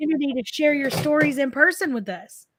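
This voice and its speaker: A woman's voice: high voice, fast talker, background noise. A woman co-hosting a paranormal podcast, chatting casually with her co-host. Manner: chatty, reads viewer comments aloud. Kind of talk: casual chat.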